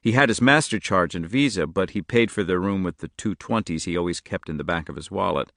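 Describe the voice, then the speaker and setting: A man narrating a novel in a steady, measured audiobook reading, close to the mic. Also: low-pitched, vocal fry, dry recording. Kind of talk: scripted narration.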